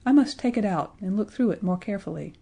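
A woman's voice: mid-range voice, animated, fast talker, creaky, warm tone, husky. A woman doing a grumbling mother dragon. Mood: fussy. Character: huge cross mother dragon. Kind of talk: children's audiobook character voice.

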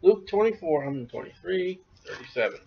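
Animated preacher man, high voice, lo-fi. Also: fairly quick, creaky, slightly rough. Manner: animated, acts out biblical voices. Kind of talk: sermon. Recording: dull lo-fi recording.

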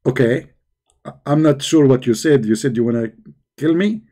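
A man's voice: mid-range voice, animated, mellow. Sarcastic man hosting a call-in show. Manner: sarcastic, teasing, halting with fillers. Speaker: host.

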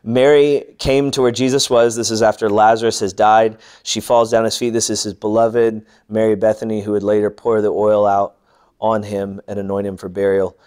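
A man teaching a bible class, earnest and lively, voicing the people he quotes and dropping to a hush for tender moments. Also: fairly low pitch, moderate pace, clear, resonant tone. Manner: earnest, animated when quoting, softening to hushed. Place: large room or hall.

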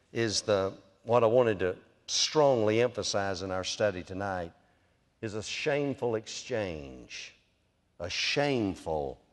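A man, preaching a sermon as a pastor in a folksy storytelling manner and speaking directly to his listeners as "friend.". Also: mid-range voice. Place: church sanctuary. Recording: long church hall reverb.

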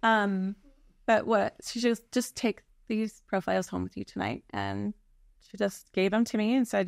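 A woman's voice: mid-range voice, steady tone, normal speed, gravelly, dry recording, clean studio sound. A woman telling her personal story in a candid conversation, earnest and reflective, often restarting her sentences. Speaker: birth mother guest.

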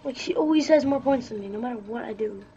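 A woman's voice: a little high, fast, dark tone. A young woman casually commenting on a zombie game, joking and chatty, with playful asides. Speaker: gaming video host. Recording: muffled lo-fi recording with faint noise.

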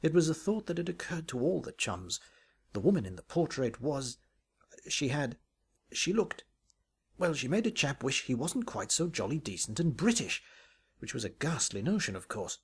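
A man's voice: on the high side, big pitch swings, normal speed, breathy edge. A man reading a comic parody story aloud in a dry, wry, arch manner. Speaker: narrator.

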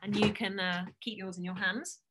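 A woman teaching a song to children, speaking in an energetic, sing-song way. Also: medium pitch, moderate pace, background noise. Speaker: singing teacher. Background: piano.

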